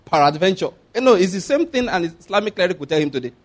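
Preacher guy, high voice, keeps asking if you're following. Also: expressive, fast. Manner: emphatic, repeats phrases, asks listeners if they follow. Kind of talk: sermon.

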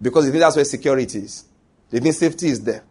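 A middle-aged man with a medium-pitched, slightly rough voice preaches emphatically, putting questions to his congregation. For quoted lines he drops to hushed, slow tones.

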